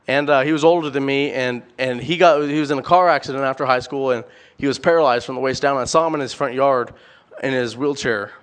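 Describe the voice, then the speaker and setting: A young man preaching a sermon, animated and emphatic, firing off rhetorical questions and repeating words. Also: mid-range voice, a little fast, smooth.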